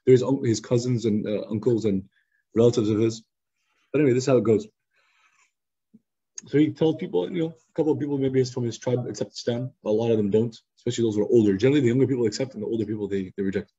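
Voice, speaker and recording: A man teaching a youth study circle in a lively, conversational storytelling style, acting out quotes over a video call. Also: medium pitch, fast, breathy edge. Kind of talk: casual storytelling lesson. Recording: slightly muffled lo-fi recording.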